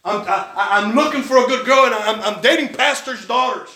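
A man preaching a sermon, telling a personal story with animated delivery and acting out the other people's lines. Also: extremely high pitch, brisk, roomy sound. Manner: animated storytelling, acts out quoted voices. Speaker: pastor. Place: church.

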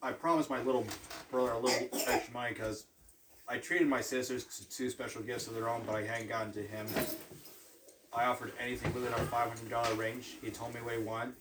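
A man's voice: mid-range voice, fairly even intonation, a little fast. Guy in the congregation telling his little story, far from the mic, noisy. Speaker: congregation member. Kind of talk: sharing a testimony. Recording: distant mic, noisy church room.

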